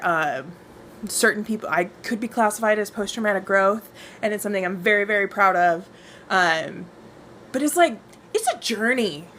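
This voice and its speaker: Into a wireless mic, a young woman hosts a casual livestream book club, reading viewer comments aloud and gushing, often repeating her phrases. Her voice runs on the high side and a bit bright, with a little hiss or hum in the audio.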